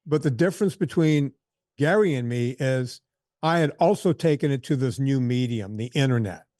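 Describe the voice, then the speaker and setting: Older man, fitness trainer, mellow tone, dry close sound, animated storytelling. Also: medium pitch, normal speed, dry recording. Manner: animated, frequent restarts and quoted asides. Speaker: fitness trainer and podcast guest. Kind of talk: casual interview storytelling.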